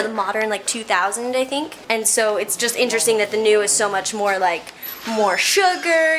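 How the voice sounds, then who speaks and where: A woman's voice: on the high side, a bit bright. A woman hosting a casual baking vlog, chatting and thinking aloud as she works. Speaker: vlog host. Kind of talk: casual kitchen vlog chat. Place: home kitchen. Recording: echoey kitchen, clear background noise.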